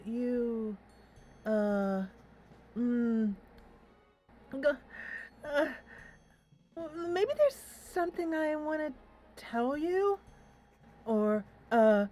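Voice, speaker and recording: A woman's voice: on the high side, dark tone, a little hiss or hum. A woman voicing a shy, nervous teenage boy who stammers and hesitates.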